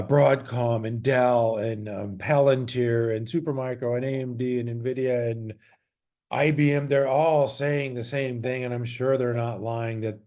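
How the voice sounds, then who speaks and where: Mellow-voiced man talking through stock charts. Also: medium pitch. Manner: loose and chatty, with frequent fillers and self-corrections. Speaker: stock trader reviewing his trades. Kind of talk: casual chart walkthrough.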